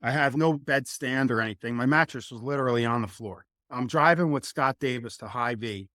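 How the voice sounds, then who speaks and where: A middle-aged man from New Jersey, a former college football lineman, telling stories as a guest in a casual interview, lively, acting out quotes. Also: medium pitch, a little fast, dry recording, clean studio sound. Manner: animated, acts out quotes.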